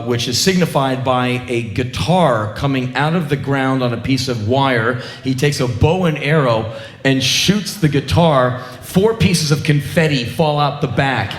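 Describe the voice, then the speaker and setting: Animated sarcastic male storyteller, roomy echo. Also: mid-range voice, slight background noise. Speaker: spoken-word comedian. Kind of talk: comedic stage storytelling.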